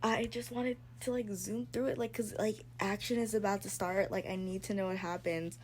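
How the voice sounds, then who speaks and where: A young woman chatting casually in a reading vlog, excitable and gushing, with lots of "like". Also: mid-range voice, normal speed, a little hiss or hum. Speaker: book vlogger.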